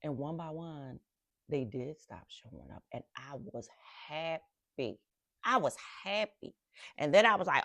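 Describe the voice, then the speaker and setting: A middle-aged woman from Philadelphia hosting a podcast, reflecting on faith and rest with animated storytelling and emphatic repetitions. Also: fairly low pitch, unhurried, no room sound, clean studio sound. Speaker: podcast host.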